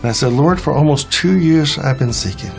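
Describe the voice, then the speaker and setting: A man's voice: on the high side, animated, a little fast, gravelly, faint music behind. A man telling his personal faith testimony in an earnest storytelling way, acting out the dialogue he quotes. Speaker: testimony speaker.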